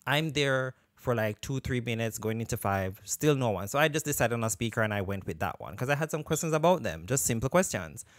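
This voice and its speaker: A man's voice: mid-range voice, lively intonation, fairly quick, few pauses, no echo, studio quality. A man hosting a casual podcast, telling a long story that drifts off on tangents before getting back on track. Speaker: podcast host.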